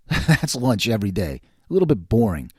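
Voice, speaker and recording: A man's voice: on the low side, very animated, normal speed, a little mellow, slightly rough, dry recording, studio quality. A middle-aged man from New York in a casual monologue, telling a story with exasperation and acting out the other people's lines. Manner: exasperated ranting. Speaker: vlogger.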